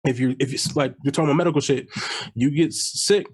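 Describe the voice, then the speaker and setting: A man's voice: medium pitch, fast talker, breathy edge. A young man co-hosting a podcast in casual banter, blunt and profane, repeating himself for emphasis. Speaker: podcast co-host.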